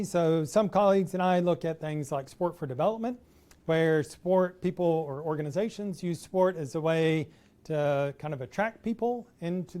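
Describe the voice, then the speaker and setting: A middle-aged man with a Texas accent giving an academic talk to an audience in a relaxed, conversational way with frequent "uh" fillers. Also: fairly high pitch. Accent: Texan. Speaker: professor giving an installation talk.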